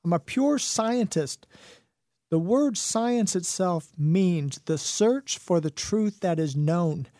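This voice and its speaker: A middle-aged man talking slowly on a radio health show, folksy and a bit preachy, asking his listeners question after question. His voice is mellow and rounded, and it sounds dry and close, with no room around it. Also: high voice, animated, no echo. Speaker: radio health and wellness host. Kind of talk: radio talk monologue.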